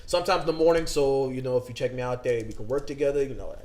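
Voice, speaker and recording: A man's voice: medium pitch, fast talker, darkish tone. Rambling young man telling a story. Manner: rambling storyteller, lots of fillers. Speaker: podcast guest. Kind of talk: casual chat.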